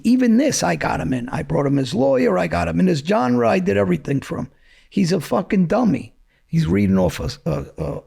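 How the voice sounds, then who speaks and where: A middle-aged man, talking bluntly and combatively as an interview guest, gruff and profane. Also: high voice, a little mellow. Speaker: interview guest, former mobster.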